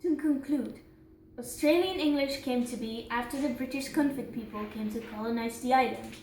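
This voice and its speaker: A woman's voice: on the high side, darkish tone. A woman reading the closing part of a school presentation steadily from a script. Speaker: student presenter. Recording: roomy echo with faint noise.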